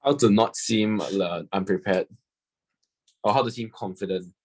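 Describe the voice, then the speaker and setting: A young man, a student, reading a passage aloud in a steady, plain way and answering his teacher. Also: on the low side, measured pace, husky.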